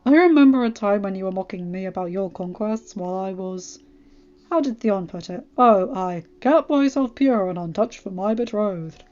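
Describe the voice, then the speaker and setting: A woman's voice: mid-range voice, lively intonation, moderate pace, darkish tone, dull audio, close to an everyday voice. A woman voicing a wry teasing young lord. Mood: mocking.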